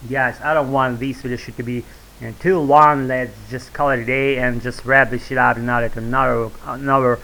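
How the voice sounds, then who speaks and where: Russian-accented man, flat rambling talk. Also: medium pitch, brisk, vocal fry, poor audio. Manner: wordy, loose, filler-heavy, restarts often. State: sore throat. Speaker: YouTube English-learning vlogger. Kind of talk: rambling monologue to camera.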